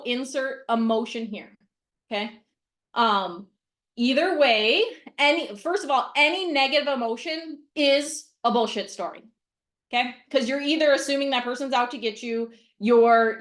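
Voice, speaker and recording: A woman's voice: high-pitched, a bit bright. A middle-aged woman teaching a mindset lesson on a video call. She speaks bluntly and casually, stresses each point and keeps checking in with "okay?". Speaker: mindset coach.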